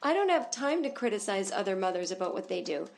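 A woman's voice: medium pitch, big pitch swings, quick pace, gravelly, a little mellow. A woman voicing a smug, preachy suburban mother who defends herself. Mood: dismissive. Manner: sanctimonious, defensive.

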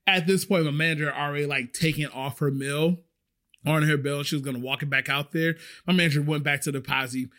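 Male podcast host, animated storyteller, pitch a touch on the high side. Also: brisk. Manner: animated, acts out the voices of people in his stories. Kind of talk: casual storytelling.

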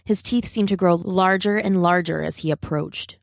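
Woman, children's story read aloud, steady dramatic narration, dry close sound. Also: fairly low pitch, normal speed, creaky, no echo.

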